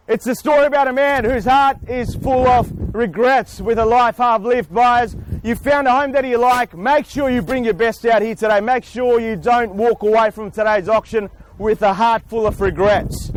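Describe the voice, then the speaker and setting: A man, an auctioneer, speaking outdoors in front of a house with booming salesman patter and long theatrical pauses. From Australia. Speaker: real estate auctioneer.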